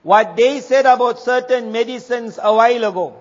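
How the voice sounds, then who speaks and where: An Islamic teacher with a very high-pitched voice delivers a sermon at normal speed, raising rhetorical questions and then answering them himself. It was recorded lo-fi in a reverberant hall.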